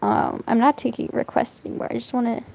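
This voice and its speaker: A woman's voice: fairly high pitch, fairly even intonation, fast talker, gravelly, darkish tone, rough recording. A young woman chatting casually while drawing on stream, rambling and swearing, laughing often. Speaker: streamer drawing fan art.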